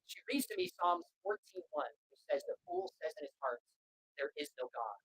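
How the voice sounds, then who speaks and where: A man's voice: on the high side, normal speed, gravelly, slightly rough, no echo, rough recording. A man who speaks at Christian schools, giving a storytelling talk to students and acting out the quoted voices. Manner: animated, acts out quoted voices.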